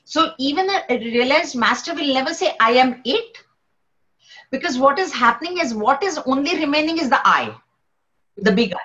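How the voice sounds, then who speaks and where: Animated woman teaching, bright lively voice. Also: high-pitched, moderate pace, muffled recording. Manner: animated, questioning, repeats phrases to make a point. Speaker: spiritual teacher. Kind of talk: teaching philosophy in a group class.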